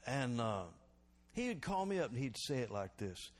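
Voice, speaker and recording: Pastor guy preaching, gets loud then drops way down quiet, keeps asking for amens. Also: mid-range voice, normal speed. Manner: animated preaching, calls for congregation response; swings between loud exhortation and quiet reflection. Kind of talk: sermon.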